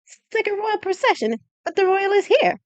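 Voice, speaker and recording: A woman voicing a lively, outspoken young woman in an audiobook, who talks in quick exclamations. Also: very high-pitched, lo-fi sound, voice pushed up. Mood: excited.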